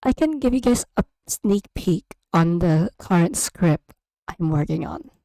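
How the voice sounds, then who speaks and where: A woman's voice: on the low side, lively intonation, measured pace, dark tone, no echo. A woman chatting casually on a stream from her room, rambling and giggling and trailing off into filler. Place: home room. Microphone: USB desk microphone.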